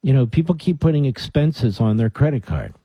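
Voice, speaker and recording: A man's voice: mid-range voice, animated, brisk, breathy edge, dry recording, highs cut off. A man hosting a radio talk show, giving an emphatic monologue to his listeners with mocking asides. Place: radio studio.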